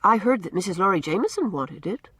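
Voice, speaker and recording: A woman's voice: mid-range voice, expressive, fast, fairly bright tone, husky, dry recording, clean studio sound. A woman voicing a dreamy, imaginative doctor's wife who speaks wistfully. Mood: teasing.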